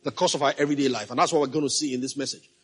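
A man's voice: medium pitch, fairly even intonation, rapid-fire, fairly bright tone, husky, faint music behind. A male pastor preaching a sermon, emphatic, repeating key phrases and asking the congregation if they follow.

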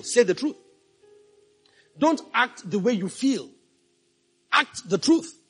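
A man's voice: high voice, husky. A male pastor preaching a sermon, emphatic, repeating key phrases and asking the congregation if they follow.

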